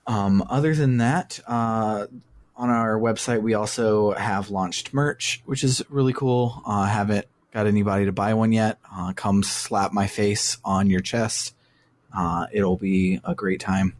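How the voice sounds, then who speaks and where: A male podcast host with a lowish voice talks in a loose, rambling way. He fills his sentences with plenty of hesitations and keeps the tone easy and casual. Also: steady tone, unhurried, no room sound. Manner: laid-back, rambling with many fillers.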